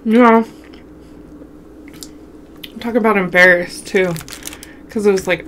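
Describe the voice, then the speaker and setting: A woman's voice: medium pitch, steady tone, slow pace, long pauses, fairly bright tone, slight background noise. A young woman from Wyoming telling a childhood story to her viewers in a chatty way, calling them y'all and laughing often. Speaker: mukbang vlogger.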